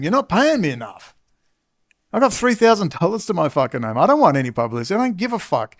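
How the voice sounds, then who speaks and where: Exhausted, swearing male commentator; gravelly, raised pitch, angry rant. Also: big pitch swings, fairly quick. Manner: ranting, swearing. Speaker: political commentator. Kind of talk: angry monologue.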